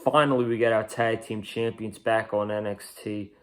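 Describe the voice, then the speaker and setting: A man's voice: fairly low pitch, steady tone, normal speed, a bit bright. A young man giving a casual, rambling and opinionated review of a wrestling show, often restarting his sentences.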